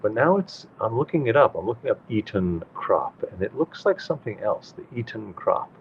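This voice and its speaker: A man's voice: on the low side, big pitch swings, normal speed, creaky, slight background noise. A tired man hosting a casual home show at night, rambling and thinking aloud as he looks things up. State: tired, yawning. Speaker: show host. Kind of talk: casual livestream chat. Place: at home at night with a dog nearby. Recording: tinny phone-like sound with faint music.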